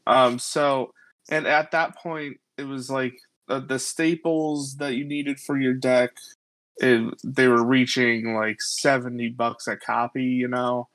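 A man speaking as a podcast guest in casual chat, unhurried and hesitant with many fillers. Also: mid-range voice, level tone, fairly bright tone, no room sound, rough recording.

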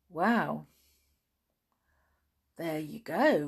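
A woman reading a children's adventure book aloud as a storyteller, with animated, expressive delivery. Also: fairly low pitch, a little slow, vocal fry, breathy edge.

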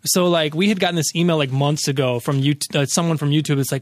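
A man's voice: on the high side, fairly even intonation, fast talker, no echo, clean studio sound. A man in his thirties, a podcast guest, telling loose, profane stories in casual chat with lots of fillers.

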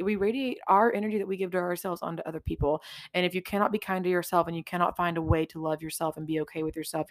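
Podcast host, woman, lower voice, earnest and blunt, swears, dry close sound. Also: no echo. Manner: earnest, swears freely, repeats for emphasis. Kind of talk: casual heartfelt podcast chat.

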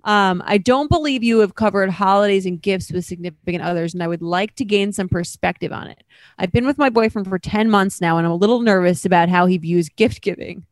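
A woman co-hosting a podcast, reading listener emails aloud in an easy, relaxed way before chatting about them. Her voice sits at a middle pitch. The recording is dry and close. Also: brisk, no room sound. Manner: relaxed, reads aloud then comments. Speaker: podcast co-host. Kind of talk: casual chat, reading listener mail.

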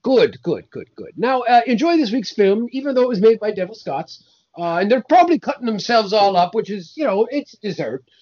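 A man's voice: high voice, big pitch swings, brisk, darkish tone, lo-fi sound, voice pushed up. A man voicing Saint Patrick as a cranky, profane old saint, ranting indignantly. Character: Saint Patrick, cranky foul-mouthed old Irish male saint.

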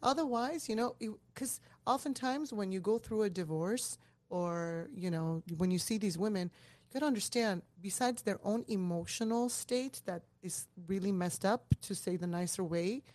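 A woman in her forties, telling personal stories as an interview guest in a quick, expressive way, switching between English and Armenian. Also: mid-range voice. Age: 40s. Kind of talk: candid personal storytelling.

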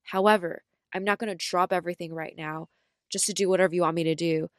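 A young adult woman co-hosting a podcast in casual chat, full of fillers like "like" and "right?", telling stories with lively acted-out quotes. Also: quick pace, no room sound, studio quality. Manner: animated storyteller, acts out quotes with big pitch jumps. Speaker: podcast co-host.

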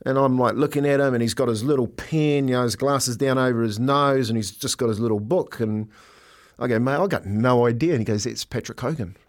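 A man's voice: medium pitch, steady tone, fairly quick. Chatty older man. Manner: chatty storyteller, laughs often. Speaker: co-host. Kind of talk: casual radio chat.

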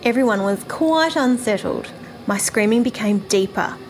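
A woman's voice: medium pitch, expressive, moderate pace. A woman in her forties speaks with an Australian accent as she recounts an odd childhood experience in an earnest storytelling manner. A faint hiss of background noise sits under her voice. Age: 40s. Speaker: listener sending in a story. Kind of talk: recorded personal story.

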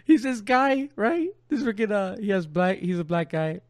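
A young man chatting on a podcast and spinning a long, meandering story, with a slightly high-pitched voice that sits close to a dry microphone. He keeps breaking into laughs and drops low whenever he quotes someone. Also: big pitch swings, moderate pace, dry recording. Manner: rambling, laughs often, quotes others in a low voice. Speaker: podcast co-host. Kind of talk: casual storytelling chat.

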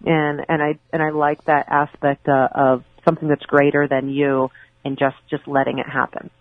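A woman's voice: low-pitched, level tone, moderate pace, dry recording. A woman guest on a podcast, telling stories casually and animatedly, with many restarts. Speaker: guest, former pro wrestler. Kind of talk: casual podcast interview storytelling. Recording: tinny phone-like remote line.

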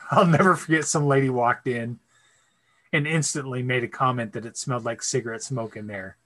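A man's voice: mid-range voice, a little fast. A man co-hosting a podcast, telling a story in casual chat and swearing freely as he acts out the scene. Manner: profane, animated storyteller. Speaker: podcast co-host.

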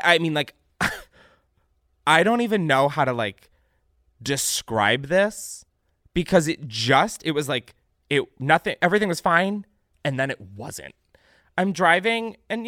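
Animated, swearing young man ranting. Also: high-pitched, dry recording, clean studio sound. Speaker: vlogger host. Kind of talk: casual ranting monologue.

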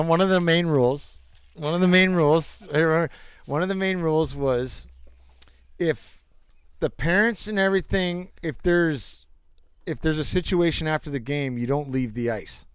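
A man's voice: a little high, moderate pace, clean tone, no echo. A young man in casual chat, telling rambling anecdotes with bursts of laughter and crude jokes. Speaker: storyteller.

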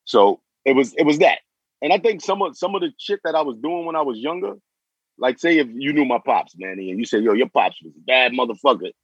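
A man's voice: fairly high pitch, expressive, a little fast, slightly rough, no room sound, lo-fi sound. A man in his forties telling his story as an interview guest, in profane street slang, often repeating himself. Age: 40s.

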